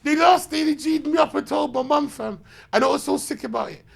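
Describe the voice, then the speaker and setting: A man, telling loud, slang-heavy, swearing stories as a podcast guest. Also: very high-pitched, a little fast, vocal fry. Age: 30s. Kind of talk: animated anecdote telling.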